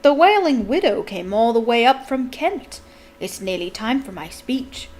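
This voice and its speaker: A woman's voice: fairly high pitch, big pitch swings, unhurried, darkish tone, slight background noise. A woman voicing a proud, touchy old male ghost. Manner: proud, bitter.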